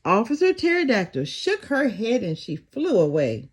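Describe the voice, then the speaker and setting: An older woman reading a children's picture book aloud as a storyteller, with expressive, animated delivery. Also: a little high, normal speed, breathy edge.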